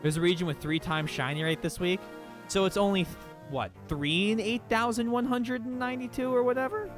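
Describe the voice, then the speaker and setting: A streamer giving casual live commentary on a game, chatty and quick to swear. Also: mid-range voice, fairly even intonation, over music.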